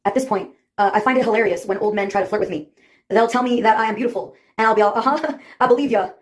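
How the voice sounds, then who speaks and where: Fast-talking wry woman in her fifties. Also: medium pitch, fairly even intonation. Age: 50s. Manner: wry, sarcastic, laughs at her own stories. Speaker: vlogger. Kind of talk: casual storytelling monologue.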